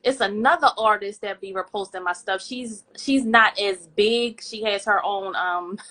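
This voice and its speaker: A woman's voice: mid-range voice, a little slow. A woman guest on a podcast live stream, chatting casually and acting out quotes as she tells stories. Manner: animated storyteller acting out quotes.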